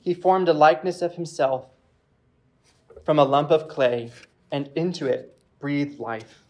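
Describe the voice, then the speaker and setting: Man reading a sermon passage, higher voice. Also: measured pace. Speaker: preacher. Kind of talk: sermon with read-aloud passage.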